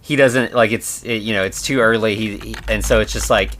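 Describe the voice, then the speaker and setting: A man's voice: on the low side, steady tone, fairly quick, fairly bright tone, slight background noise. A man co-hosting a podcast, chatting casually about a film, with many fillers and restarts as he talks. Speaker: podcast co-host. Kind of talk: casual chat reviewing a film.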